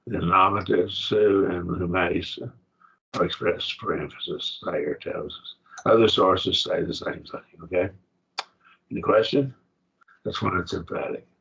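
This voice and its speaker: Slow, gravelly-voiced man teaching a Bible class. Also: sits low, steady tone, a bit bright, muffled recording. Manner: unhurried, explains Greek grammar step by step, checks in with the class. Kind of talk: college-level Bible study lesson.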